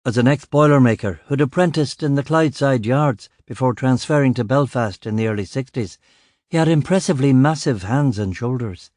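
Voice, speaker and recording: Brief: male narrator, wry and matter-of-fact, mid-pitched, dry close sound. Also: a little fast, darkish tone, dry recording. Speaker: audiobook narrator. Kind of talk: first-person audiobook narration.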